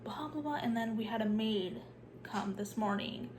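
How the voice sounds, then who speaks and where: A woman's voice: fairly high pitch, normal speed, background noise. A young woman, sick with a cough and sore throat, chatting casually in a vlog and saying "like" a lot. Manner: chatty, says "like" a lot, drops to a hushed whisper at times. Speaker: vlogger.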